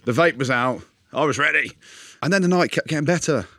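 A man co-hosting a podcast, telling animated stories in casual banter and acting out other people's voices. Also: on the high side, brisk, no room sound, studio quality. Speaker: podcast co-host.

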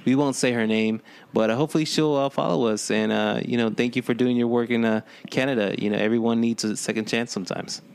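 Texan man hosting a podcast, smooth clear voice, relaxed and friendly. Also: mid-range voice, fast, few pauses, no room sound. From Texas, USA. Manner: friendly, loose, lots of fillers. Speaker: podcast host. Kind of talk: casual podcast chat.

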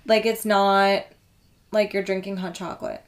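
A woman at a middle pitch co-hosts a chatty podcast. She talks frankly and loosely, with the odd swear word dropped in casually. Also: flat delivery, normal speed. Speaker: podcast co-host. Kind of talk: casual chat.

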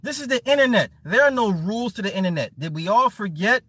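A man's voice: high-pitched, expressive, quick pace, pushed and bright, husky, no echo. A man streaming live and reading chat messages, talking casually in blunt, profane banter with frequent laughs, repeating words for emphasis.

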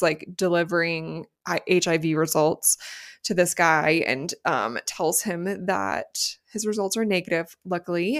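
A woman co-hosting a podcast, recapping scenes in casual chat with lots of fillers and the odd curse. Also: on the low side. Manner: casual, swears, many fillers. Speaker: podcast co-host.

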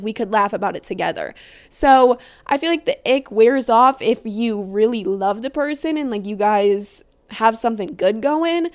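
A young woman in her twenties hosting a podcast, chatting casually in a rambling, giggly way with lots of filler words and casual swearing. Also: medium pitch. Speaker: podcast host. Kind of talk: casual chat.

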